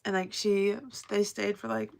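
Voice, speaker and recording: A woman's voice: mid-range voice, level tone, moderate pace, gravelly, darkish tone. A woman live streaming from home while crafting, rambling casually and swearing freely as she chats to her viewers. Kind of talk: casual livestream chat to viewers.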